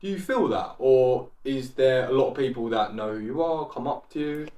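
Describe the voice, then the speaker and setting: A male interviewer asking loose, rambling questions in a relaxed conversation. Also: mid-range voice, moderate pace. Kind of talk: casual interview.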